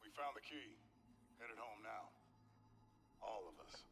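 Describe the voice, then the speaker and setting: A calm soldier sergeant. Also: male voice, fairly low pitch, slow, heavily acted. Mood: steady. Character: male soldier sergeant, steady squad leader. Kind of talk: game dialogue.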